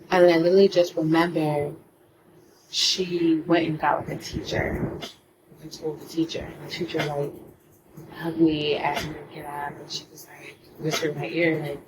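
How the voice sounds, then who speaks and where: A young woman with a low, soft voice tells a personal story in a casual storytime vlog. She talks haltingly, often sinking to a near whisper. A steady noise runs under the recording. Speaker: vlogger.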